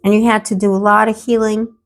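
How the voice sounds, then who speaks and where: A woman with a hoarse, fading voice giving a tarot card reading, affectionate and playful, calling the viewer pet names with dramatic asides. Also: mid-range voice, little pitch movement, fast talker. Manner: affectionate, calls the viewer boo-boo and baby. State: hoarse, losing her voice. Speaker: tarot reader.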